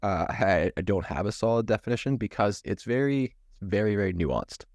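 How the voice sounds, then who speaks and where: A man's voice: fairly low pitch, expressive, normal speed, darkish tone, no echo. A man in his thirties, a goalie coach, chatting casually on a podcast, rambling with many false starts and restarts. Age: 30s.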